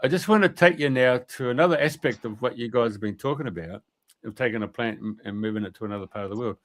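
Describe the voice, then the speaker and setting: Male radio storyteller, rambling and colloquial, mid-pitched voice. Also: fast talker, a bit bright. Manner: colloquial, rambling, many fillers. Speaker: radio show speaker. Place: radio studio.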